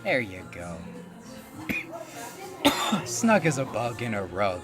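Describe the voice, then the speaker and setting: Woman streamer, casual reaction commentary, gushing baby talk, slow and swooping voice, music behind. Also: extremely low pitch, wildly swooping pitch.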